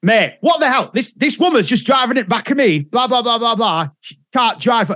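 A man's voice: extremely high pitch, expressive, moderate pace, bright, forceful tone, dry recording, clean studio sound, pitched above the performer's own voice, exaggerated voice. A man acting out an angry, rattled young husband on the phone. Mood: alarmed. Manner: urgent, rattled.

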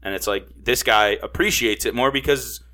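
A man's voice: medium pitch, normal speed, bright, forceful tone. A man co-hosting a casual sports podcast, heated and swearing often, restarting his sentences. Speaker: podcast co-host.

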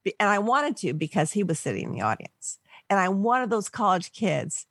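An older woman from the Los Angeles area, a podcast guest, telling a personal story in an animated way and acting out the voices of people she quotes. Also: mid-range voice, moderate pace, no room sound, studio quality. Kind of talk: storytelling in a conversational interview.

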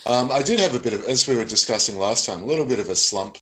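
Mid-pitched man, halting chatter. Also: expressive, fairly bright tone, low-quality recording. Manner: hesitant, restarts often. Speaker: miniature painting service. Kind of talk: casual podcast chat.

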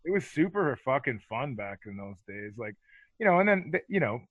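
A middle-aged former hockey fighter, appearing as a podcast guest, tells rambling, profane stories and laughs as he goes. His mid-range voice is very animated and fairly quick, and the casual interview has a dull, dry, lo-fi sound with no room echo.

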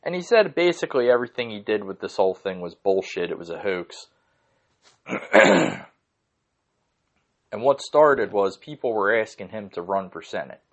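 A young man hosting his own podcast, ranting casually in an excitable, profane, rambling way. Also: on the low side, normal speed, long pauses. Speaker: podcast host. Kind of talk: casual solo podcast rant.

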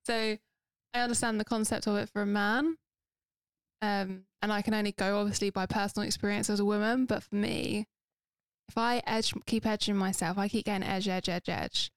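A woman's voice: medium pitch, little pitch movement, fairly quick, smooth, no echo. A woman co-hosting a podcast in casual couple's chat, speaking frankly and laughing often. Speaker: podcast co-host.

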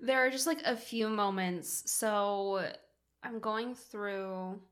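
A woman co-hosting a casual film discussion podcast, relaxed and chatty, swearing freely and saying "like" a lot. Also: medium pitch, slow. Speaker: podcast co-host.

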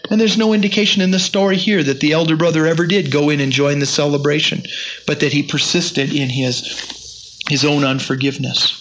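Man, Bible teacher, sermon, fairly high voice, emphatic scripture reading, faint background hiss. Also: steady tone, a little fast, fairly bright tone. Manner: reads scripture aloud with rising emphasis.

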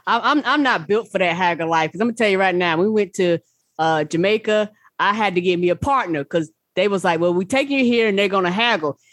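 A woman's voice: medium pitch, fast, fairly bright tone, dry recording, clean studio sound. Frank woman chatting candidly. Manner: frank, candid, laughing storyteller. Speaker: podcast co-host. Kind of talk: casual chat.

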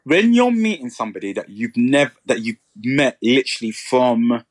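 A man, co-hosting a podcast in a chatty, animated way. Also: mid-range voice, moderate pace, dry recording. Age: 30s. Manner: chatty, animated, playful mimicry. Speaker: podcast co-host. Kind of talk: casual chat.

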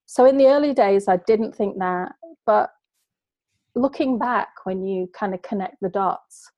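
A woman's voice: medium pitch, a little slow, dark tone, no room sound, lo-fi sound. Woman, middle-aged, heartfelt storytelling, dry close sound. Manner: earnest, heartfelt, emotional retelling. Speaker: guest, business coach. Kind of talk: personal storytelling in conversation.

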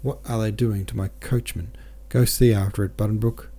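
A man's voice: lowish voice, steady tone, moderate pace, mellow, lightly acted. A man reading as a haughty, imperious old aristocrat. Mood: furious. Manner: haughty, commanding, irritable.

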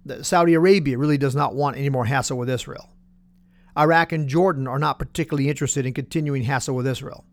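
A man's voice: mid-range voice, fast, no room sound. A man hosting a political commentary show, talking in a sarcastic, folksy way with rhetorical questions and little chuckles. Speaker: talk show host.

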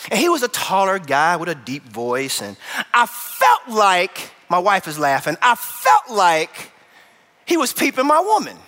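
A man from Chicago preaches with a high, bright, ringing voice, and tells his stories with lots of animation. The sound carries the long reverb of a large church hall. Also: unhurried. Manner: animated storytelling, acts out voices. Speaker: pastor. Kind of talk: sermon.

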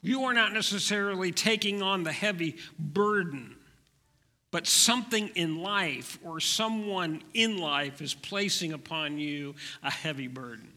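A man preaching a sermon as pastor, gentle and unhurried, letting his voice drop soft. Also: high voice, expressive, big-room sound.

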